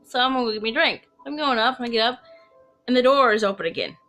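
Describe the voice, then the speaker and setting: A woman's voice: a little high, expressive, fast, fairly bright tone, soft background music. A woman telling her own ghost story to camera in a casual, chatty way, rambling with asides and restarts. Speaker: storyteller of personal ghost stories.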